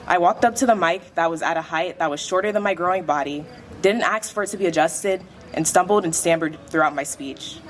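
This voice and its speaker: Low-voiced teen girl reading a speech. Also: a little fast, slight background noise. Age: late teens. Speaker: graduating student speaker. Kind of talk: prepared speech read aloud. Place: school awards dinner.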